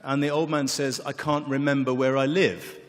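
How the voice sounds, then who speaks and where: An English wine expert gives a relaxed, joking conference keynote full of anecdotes and many fillers, speaking in his first language, English. His medium-pitched voice moves at normal speed in a conference hall, with slight background noise and the long reverb of a large hall.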